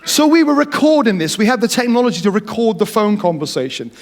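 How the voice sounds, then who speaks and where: Male preacher, higher voice, lively jokey storytelling sermon. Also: fast. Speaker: pastor.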